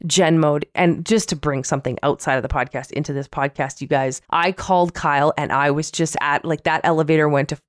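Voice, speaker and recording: Low-voiced woman podcast host, candid. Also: a little fast, hardly any pauses, dry recording, studio quality. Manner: candid, animated storytelling with quoted voices. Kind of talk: casual chat.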